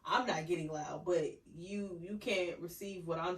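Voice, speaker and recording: Measured woman cohost, slightly low voice, sounds far from the mic. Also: steady tone, roomy sound. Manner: reflective, measured, acts out quoted speech. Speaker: podcast co-host. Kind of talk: casual chat.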